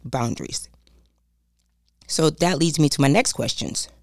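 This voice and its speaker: A woman's voice: deep voice, big pitch swings, measured pace, no room sound, clean studio sound. A woman giving a motivational talk on boundaries, preachy and emphatic, repeating her key points and speaking straight to her listeners. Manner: addresses listeners directly as "y'all". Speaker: self-help speaker.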